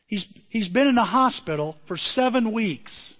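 A man's voice: sits high, a little slow, big-room sound, highs cut off. A male pastor telling a story in a sermon, acting out the people in it. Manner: animated, acts out the people in his stories. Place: church hall.

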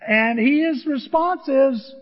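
A male pastor preaching a sermon, animated and acting out the people he quotes. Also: extremely high pitch, slow. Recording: dull sound in a large reverberant hall.

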